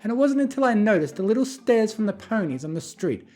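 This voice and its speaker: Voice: mid-range voice, big pitch swings, fast talker, darkish tone, pitched above the performer's own voice, close to an everyday voice. A narrator voicing a refined, elegant female pony who speaks in a prim, genteel way. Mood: fond.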